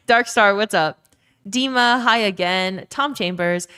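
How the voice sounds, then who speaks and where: A woman's voice: mid-range voice, unhurried, sharp tone, smooth. A young woman from Louisiana with a faded Southern accent, chatting casually on a live stream, swearing freely and greeting viewers by name. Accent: faded Southern American.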